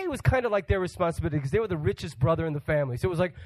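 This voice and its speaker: A man's voice: high-pitched, expressive, rapid-fire, few pauses, a little mellow, no echo, rough recording. A man preaching a sermon as a guest pastor, joking with the congregation and putting questions to them. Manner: humorous, acts out quoted voices; asks the audience questions.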